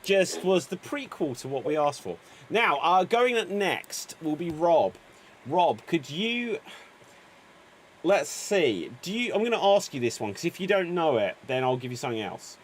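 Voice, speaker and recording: A man's voice: a little high, sing-song, a little slow, a little hiss or hum. A man hosting an improv game, upbeat and encouraging as he announces players. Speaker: improv show host.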